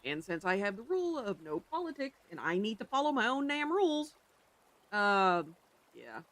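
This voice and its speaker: A streamer chats off the cuff with his viewers, rambling from one topic to another and interrupting himself with sudden loud exclamations. The voice is middle-pitched and sing-song at a normal speed.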